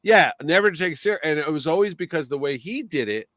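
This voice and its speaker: A middle-aged man hosting a casual chat show, animated, breaking into impressions and swearing. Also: a little high, fairly quick, no room sound. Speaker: podcast host.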